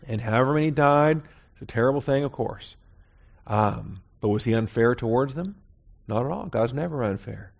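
A man's voice: medium pitch, moderate pace, vocal fry, muffled recording. A man teaching a Bible class in a conversational sermon style, often checking in with "okay?". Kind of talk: sermon lecture.

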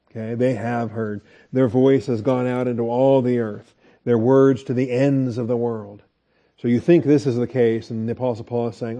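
A man's voice: mid-range voice, steady tone, normal speed, dark tone, lo-fi sound. A man teaching a Bible study lecture in a conversational way, asking the class questions and restarting his sentences.

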